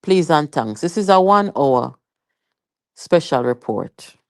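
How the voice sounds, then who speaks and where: A woman's voice: low voice, lively intonation, unhurried, a little mellow, no room sound, studio quality. A Jamaican woman hosting a live political commentary stream, chatty and emphatic, with rhetorical questions and patois asides.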